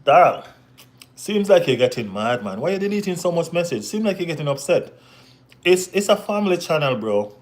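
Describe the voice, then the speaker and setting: A man's voice: a little high, big pitch swings, brisk. A man hosting a football live stream, reading chat and answering viewers in a casual, bantering way with frequent "you know what I mean".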